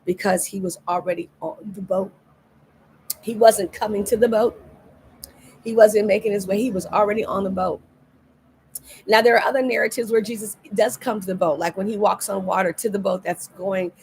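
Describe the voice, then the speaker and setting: A woman's voice: mid-range voice, steady tone, a little fast, a little mellow, slight background noise. A middle-aged woman pastor giving a livestreamed devotional sermon, earnest and repeating key phrases for emphasis. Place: indoors, recorded for a livestream.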